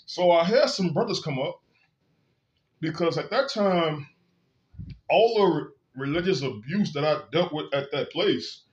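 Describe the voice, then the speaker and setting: A man's voice: fairly high pitch, lively intonation, a little slow, dull audio. A man telling his own story in a candid, blunt and profane monologue, full of emphasis. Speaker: vlogger.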